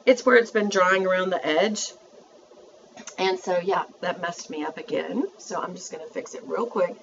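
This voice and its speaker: A woman's voice: lowish voice, moderate pace, highs cut off, background noise. A woman, chatting through a makeup tutorial and talking to her viewers as she works. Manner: chatty, self-narrating, addresses viewers as y'all. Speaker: beauty vlogger.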